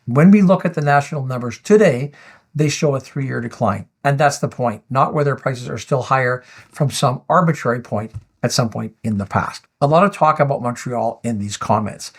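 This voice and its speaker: A man at mid pitch explains market data to his viewers. He argues firmly against their comments, and he walks through each point in a steady, explanatory commentary style. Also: normal speed, husky. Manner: firm, rebuttal-style, reading out viewer comments. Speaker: finance video host.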